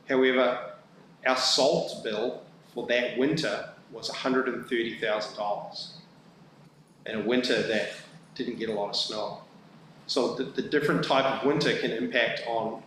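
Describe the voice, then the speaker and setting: A man presenting a budget at a council meeting, halting often with fillers and restarts. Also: medium pitch, fairly bright tone. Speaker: town staff presenting budget. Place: council chamber. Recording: very echoey room, faint background noise.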